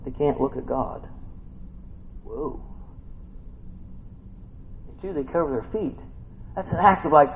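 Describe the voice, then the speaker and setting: Animated folksy man preaching. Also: medium pitch, takes it slowly, long pauses, dull audio, slight background noise. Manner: folksy, exclamatory, keeps asking the crowd "huh?". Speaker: pastor. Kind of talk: sermon.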